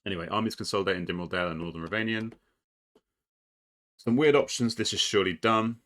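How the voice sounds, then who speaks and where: A man commentating a recorded board game match in a casual, excitable way, with plenty of ums, restarts, laughs and the odd swear. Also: fairly low pitch, quick pace.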